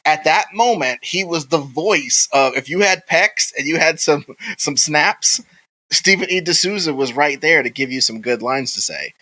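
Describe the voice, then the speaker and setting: A man's voice: a little high, animated, unhurried, pushed and bright, poor audio. A man co-hosting a podcast in casual, rambling chat, swearing freely and acting out movie quotes. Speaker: podcast co-host.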